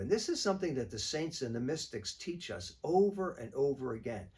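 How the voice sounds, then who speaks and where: A man's voice: on the high side, darkish tone. A man, a priest, giving a short weekly reflection in a conversational, plain-spoken way.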